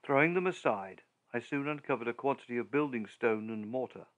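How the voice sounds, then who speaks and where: A man narrating a horror audiobook in a measured, deliberate, storytelling manner. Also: mid-range voice, animated, a bit bright, highs cut off.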